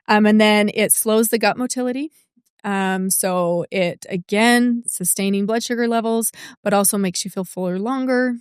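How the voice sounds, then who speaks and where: A woman's voice: medium pitch, moderate pace, smooth, no echo. Woman explaining medication, dry sound. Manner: explanatory, many fillers. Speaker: nurse practitioner, podcast co-host. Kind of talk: casual medical podcast chat.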